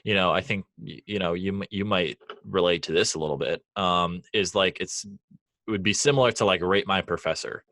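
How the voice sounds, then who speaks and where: Young male host, very deep voice, casual and chatty with lots of fillers. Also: normal speed, a bit bright, dry recording. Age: young adult. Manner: friendly, filler-heavy, laughs easily. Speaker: podcast host. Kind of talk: casual interview chat.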